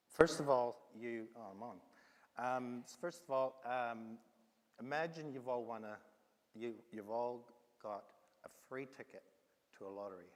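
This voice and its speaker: A man's voice: mid-range voice, a bit bright. Man, New Zealand accent, sermon storytelling, acts out voices, hesitant ums, long reverb from the hall. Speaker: preacher. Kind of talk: sermon with a told allegory. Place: church hall.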